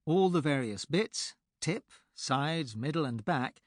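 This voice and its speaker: A man reading a scripted language lesson for an audiobook, speaking clearly and explaining step by step. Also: fairly high pitch, lively intonation, slow pace, no room sound, studio quality. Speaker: language tutor.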